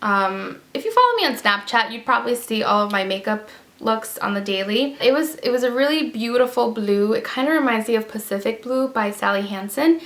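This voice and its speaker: A woman's voice: a little high, lively intonation, a little fast, a bit bright. A woman giving a casual, chatty product review with lots of fillers and emphatic repeats. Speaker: beauty vlogger. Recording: roomy echo.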